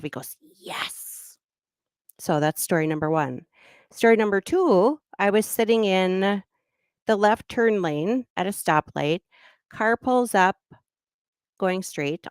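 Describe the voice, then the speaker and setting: A woman's voice: lowish voice, smooth, dry recording, clean studio sound. A middle-aged woman from Minnesota with a Minnesotan accent, hosting a livestream and chatting through personal anecdotes with little laughs. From Minnesota, USA. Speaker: livestream host. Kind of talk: casual storytelling.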